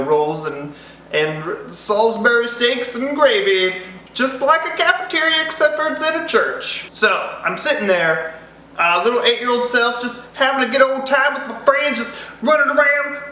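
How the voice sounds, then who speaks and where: Bright, rambling comedic storyteller man. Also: extremely high pitch. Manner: rambling, self-interrupting, jokey. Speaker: vlogger. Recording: echoey room.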